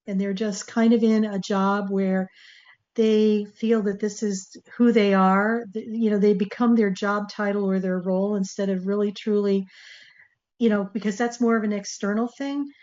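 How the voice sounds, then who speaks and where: A woman's voice: medium pitch, fairly even intonation, normal speed, a little mellow. A woman hosting her own talk show, speaking earnestly with restarts and fillers, coughing and losing her voice. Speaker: show host. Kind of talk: solo talk show monologue. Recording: dull lo-fi sound.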